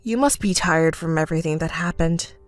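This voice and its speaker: A woman's voice: low voice, brisk, no room sound, faint music behind, pitched below the performer's own voice, natural voice. A woman doing an evasive young husband. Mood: apologetic. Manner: placating, apologetic.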